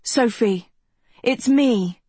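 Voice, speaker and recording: A woman's voice: fairly high pitch, drawn-out words, mellow, breathy edge, no echo, pitched above the performer's own voice, full character voice. A woman voicing a blunt, determined teenage girl heroine, urgent and forthright.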